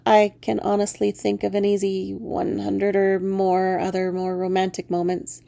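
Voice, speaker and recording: A woman reading her own fairy story aloud in first person, expressive and laughing often. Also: mid-range voice, normal speed, vocal fry, no echo. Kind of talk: storybook narration.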